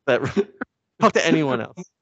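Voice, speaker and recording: Gravelly man rambling through a comic retelling. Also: on the high side, lively intonation, takes it slowly, no echo. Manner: rambling, swears, laughs often. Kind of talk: casual comedic retelling. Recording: dull lo-fi dry sound.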